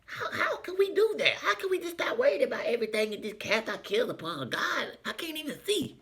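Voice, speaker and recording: A man's voice: extremely high pitch, sing-song, fairly quick, fairly bright tone, voice pushed up, exaggerated voice. Man doing a bewildered little boy. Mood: puzzled. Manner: puzzled, pleading. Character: bewildered young boy asking his mother.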